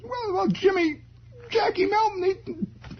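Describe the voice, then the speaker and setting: A man putting on a squeaky, stammering eight-year-old boy. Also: expressive, moderate pace, gravelly, a little hiss or hum, heavily acted. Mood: panicked. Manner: stammering, shrill exclamations. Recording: lo-fi 1960s radio broadcast.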